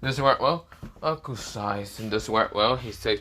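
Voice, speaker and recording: A man's voice: lowish voice, normal speed, pushed and bright, a little hiss or hum. Rambling man narrating a fan story. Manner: rambling, many fillers and restarts, swearing. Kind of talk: casual improvised story narration.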